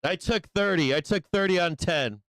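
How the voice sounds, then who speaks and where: A man hosting a live stock trading show, swearing and yelling at the chart while he trades. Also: sits high, moderate pace, no echo. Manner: profane, excitable, yells at the chart. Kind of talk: profane live market commentary.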